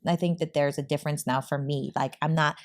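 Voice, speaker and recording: A woman in her thirties hosting a podcast, telling stories in an animated, dramatic way. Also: sits low, fast. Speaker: podcast host. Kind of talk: casual chat.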